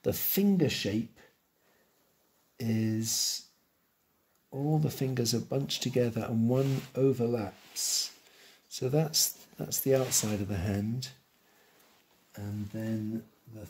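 A man's voice: medium pitch, takes it slowly, long pauses, darkish tone, husky. A man giving a live drawing tutorial, thinking aloud and correcting himself as he sketches. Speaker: art teacher.

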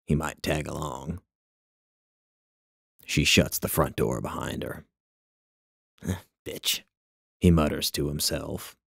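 A man narrating his own literary short story in a measured, wry way. His voice is extremely deep and gravelly with plenty of fry. The recording is close and completely dry, with no room sound at all. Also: no echo.

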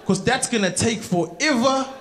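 A South African man doing a stand-up comedy routine on a theatre stage, telling animated stories and acting out other people. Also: extremely high pitch, normal speed. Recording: roomy theatre sound with crowd noise. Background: laughing audience.

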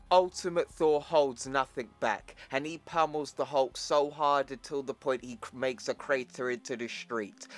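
A man's voice: mid-range voice, fairly bright tone. A man casually narrating a comic book plot in a plain, chatty retelling.

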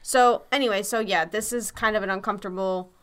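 A woman's voice: medium pitch, steady tone, a little fast, smooth. A young woman with a Massachusetts accent co-hosting a podcast, chatting casually with lots of fillers. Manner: chatty, full of fillers and hedges. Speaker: podcast co-host. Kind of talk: casual chat.

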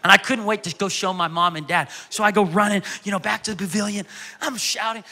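A man, preaching a sermon as a pastor, telling stories in an animated way and acting out voices. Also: high-pitched, fast, big-room sound. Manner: animated storytelling, acting out childhood voices loudly.

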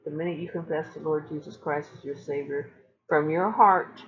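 A woman's voice: deep voice, steady tone, moderate pace, highs cut off. Earnest woman preaching to her viewers. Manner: earnest and emphatic, with repeated phrases. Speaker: online Christian speaker.

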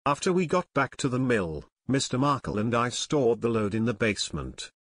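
A man's voice: mid-range voice, very animated, normal speed, husky, no room sound, studio quality. A man voicing Ken, a shy, earnest teenage boy who sounds a little hesitant.

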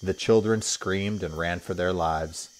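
A man, a teacher, reading a children's story aloud with expressive storytelling. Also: low-pitched, measured pace.

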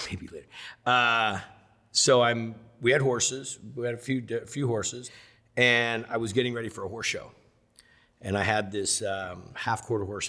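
A middle-aged man telling lively stories in a sit-down interview, acting out the voices of the people in them. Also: lowish voice. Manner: animated storyteller, acts out voices of others. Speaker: interview guest.

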